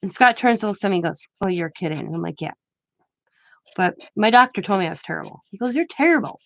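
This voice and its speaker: A woman's voice: medium pitch, animated, quick pace, vocal fry, dry recording. A woman in her forties telling a personal story in a casual, chatty way, acting out the quoted dialogue. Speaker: craft vlogger.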